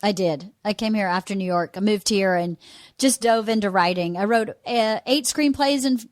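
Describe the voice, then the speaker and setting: A woman's voice: medium pitch, moderate pace, no echo. A middle-aged woman from Georgia with a Southern accent, telling stories in a casual interview and acting out quoted voices. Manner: animated storyteller, acts out quoted voices. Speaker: guest. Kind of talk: casual conversation.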